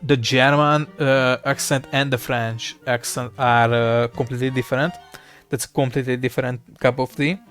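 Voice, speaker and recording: A man talking casually and thinking out loud, in an irreverent, profanity-laced ramble. His voice sits at an ordinary middle pitch. Soft music plays faintly in the background. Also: steady tone, normal speed. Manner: rambling, irreverent, swears, looks things up aloud.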